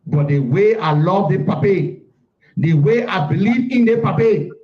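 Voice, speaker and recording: A man's voice: sits high, lively intonation, measured pace. A man, giving an impassioned public address full of repetition and rhetorical questions. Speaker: political figure. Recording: echoey, dull lo-fi clip.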